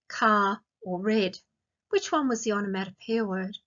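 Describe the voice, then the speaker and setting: A woman's voice: medium pitch, fairly bright tone, lo-fi sound. Australian woman teaching young kids. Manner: slow, clear, sing-song teacher questions to children. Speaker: primary school teacher. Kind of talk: recorded online grammar lesson for young children.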